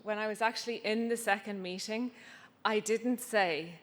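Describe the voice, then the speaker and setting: A woman's voice: medium pitch, steady tone, moderate pace. A woman giving a conference talk with slides, wry and anecdotal, with many fillers. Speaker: conference speaker. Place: conference hall. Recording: reverberant hall.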